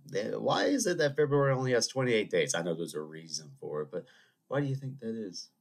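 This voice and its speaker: A man with a slightly low voice hosts a solo podcast, sniffling through a cold. He chats loosely with his listeners and wanders into digressions and jokey asides. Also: animated, fairly quick, creaky. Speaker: podcast host. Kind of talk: rambling solo podcast monologue.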